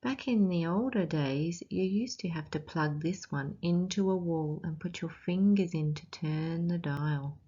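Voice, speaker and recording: A lowish female voice with an Australian accent comes through lo-fi sound. She's reading a picture book to children as a lesson, slowly and with plenty of expression, asking them questions throughout.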